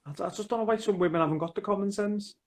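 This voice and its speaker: A man with a Liverpool accent, a soldier guest on a casual video chat, speaking earnestly and haltingly with restarts. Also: high-pitched.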